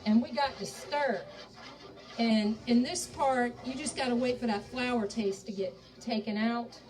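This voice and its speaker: A woman's voice: on the high side, measured pace, darkish tone, far from the mic, poor audio. A woman from Charleston with a Southern American accent, hosting a live cooking demonstration in a home kitchen and chatting folksily to her viewers as she cooks. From Charleston, South Carolina. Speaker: cooking show host. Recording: voice a bit off-mic with faint music behind.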